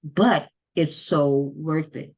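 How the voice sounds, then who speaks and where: Older woman guest, grandmother, relaxed friendly chat, earnest and encouraging. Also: deep voice, slow pace, breathy edge. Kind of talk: casual chat between friends.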